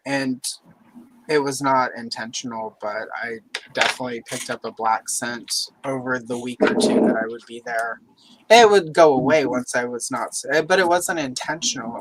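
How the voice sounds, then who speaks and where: A chatty man from Louisiana talks in a casual, rambling way, his General American accent carrying a slight Southern edge. His voice sits at an ordinary middle pitch. A faint hiss hangs under the line. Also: fairly bright tone, low-quality recording. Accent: General American; a Southern trace slips out. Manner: rambling, chatty, many asides. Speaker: livestream co-host. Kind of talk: casual chat on a livestream.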